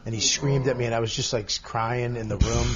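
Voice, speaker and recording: Earnest man telling a halting story. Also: medium pitch, fairly even intonation, dull audio, background noise. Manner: earnest, halting, with many restarts. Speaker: radio host and podcast guest. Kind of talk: casual storytelling chat.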